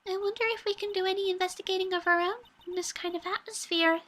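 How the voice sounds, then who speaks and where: A woman's voice: very high-pitched, steady tone, fast, fairly bright tone. A woman hosting a let's play, reading game text aloud with playful, wry asides.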